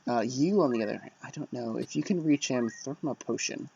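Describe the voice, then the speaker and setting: A man's voice: mid-range voice, a little fast, gravelly, mellow, slight background noise. Chatty man commenting on a strategy game. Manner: chatty, self-deprecating, mutters under breath. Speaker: let's play commentator. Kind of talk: casual gameplay commentary. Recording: dull lo-fi dry mic.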